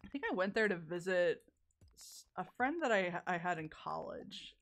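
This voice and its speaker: A woman's voice: fairly low pitch, expressive, moderate pace, faint music behind. Chatty, laughing woman streamer. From Southern United States. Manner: chatty, laughs often, swears freely. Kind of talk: casual chat while gaming on stream.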